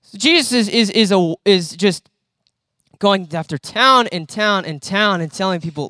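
A young man preaching a conversational sermon in a church hall, animated and acting out the quotes he tells. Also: sits high, a little slow, studio quality.

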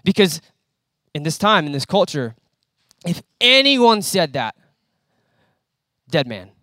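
A young man preaching a conversational sermon in a church hall, animated and acting out the quotes he tells. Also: high voice, takes it slowly, clean studio sound.

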